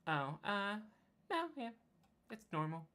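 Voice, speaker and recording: A woman game master describing a tabletop role-play game in a relaxed, rambling way, often searching for words. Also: medium pitch, slow pace.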